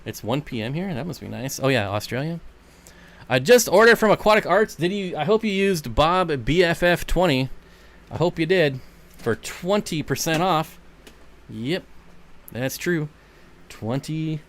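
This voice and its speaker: A man chats casually on his home livestream, his pitch swinging up and down as he talks. His voice sits a little high for a man, and a faint room hiss runs under it. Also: animated, measured pace. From United States. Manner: coos to his dogs in a high baby voice, talks back to chat. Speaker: livestream host of an aquarium channel. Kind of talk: casual livestream chat with viewers.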